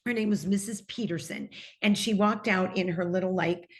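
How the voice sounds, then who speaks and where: A woman's voice: mid-range voice, normal speed. Earnest middle-aged woman telling her story. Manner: earnest, expressive storyteller speaking of faith. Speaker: TV personality and guest. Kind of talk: personal storytelling in an interview.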